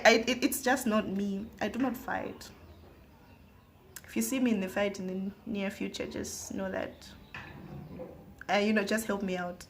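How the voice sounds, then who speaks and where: A woman from Zambia, telling a personal story to her viewers, often laughing and dropping into hushed asides. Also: a little high, a little hiss or hum. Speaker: vlogger. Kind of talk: storytime monologue.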